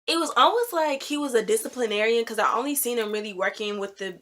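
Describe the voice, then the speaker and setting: A young woman vlogger telling a personal story in a casual, animated and emphatic way. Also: on the high side, fast talker. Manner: animated, emphatic storytelling with loud reenacted quotes. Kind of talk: storytime vlog.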